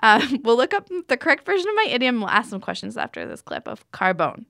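A woman's voice: a little high, huge pitch swings, brisk, gravelly, fairly bright tone, no room sound, studio quality. A woman hosting an interview, chatty and full of filler words. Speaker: podcast host. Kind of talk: casual interview chat.

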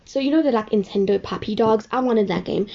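A woman's voice: mid-range voice, a little fast, gravelly, dark tone, muffled recording. A woman telling a rambling, chatty story full of "like". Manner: rambling, chatty, heavy use of "like". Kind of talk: casual storytelling.

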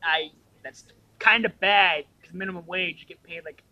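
A man's voice: high voice, normal speed, no echo, lo-fi sound. A man with a lisp, chatting casually about games with lots of swearing and laughter. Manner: profane, laughing banter. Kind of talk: casual gaming chat.

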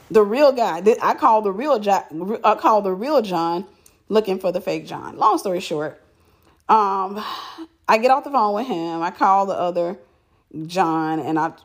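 Woman, casual storytelling, animated, slightly breathy voice. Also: medium pitch. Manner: animated, repeats herself for emphasis, laughs.

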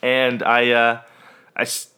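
Bright-voiced young man, laughing often. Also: medium pitch, completely flat delivery, slow pace, clean tone. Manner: laughs often, playful and joking. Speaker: podcast co-host. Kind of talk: casual chat. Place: his bedroom.

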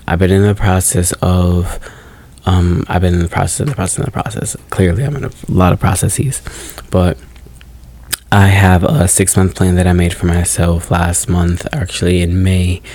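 A man in his twenties speaks in a deep, low-pitched voice that still sounds groggy from just waking up. He hosts a casual solo podcast, musing reflectively and stopping to correct himself as he goes. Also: gravelly, a little mellow. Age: 20s. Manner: rambling, reflective, self-correcting. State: groggy morning voice. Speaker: podcast host.

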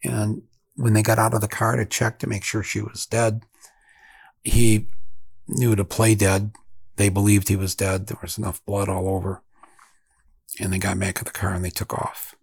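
A man hosts a podcast, telling a story in a reflective, halting manner full of restarts. His voice is low, very husky and gravelly. The sound is dry and close, with no room around it. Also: level tone, no room sound. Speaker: podcast host. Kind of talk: storytelling monologue.

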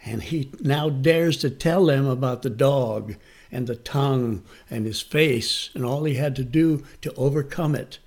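Animated man telling a story. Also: medium pitch, a little slow. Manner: animated, acts out quoted voices. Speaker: magic performance coach. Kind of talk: storytelling in an interview.

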